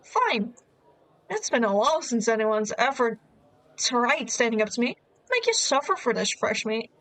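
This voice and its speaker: A woman voicing an arrogant male high-school bully, reading his taunting lines from a dating game. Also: very animated, normal speed, a bit bright, dry recording. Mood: menacing. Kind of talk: reading a game's lines aloud.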